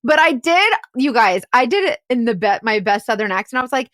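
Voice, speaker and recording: A woman's voice: on the high side, lively intonation, fairly quick, few pauses, fairly bright tone, no room sound, clean studio sound. A woman podcast host and private investigator telling a case story in a chatty way, full of "like" and "right?". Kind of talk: casual storytelling chat.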